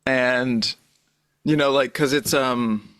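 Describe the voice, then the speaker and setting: A man's voice: medium pitch, fairly even intonation, slow pace, a bit bright, no echo. Male podcast co-host, dry sound, thinks aloud, hesitant and musing. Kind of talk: casual chat.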